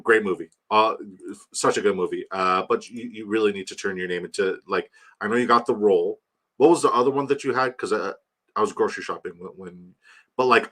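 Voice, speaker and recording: A young man hosts a live fantasy football draft stream, chatting loosely with his viewers. He rambles, jokes and shouts out fans by name. His voice sits a bit low but sounds bright and forward. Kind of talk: casual live-stream chat.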